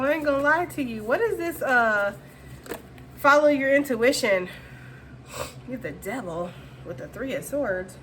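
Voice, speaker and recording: A woman's voice: on the high side, lively intonation, normal speed, a bit bright, slight background noise. A woman giving a casual, chatty tarot reading and addressing her viewers directly. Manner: chatty, full of fillers. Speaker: tarot reader.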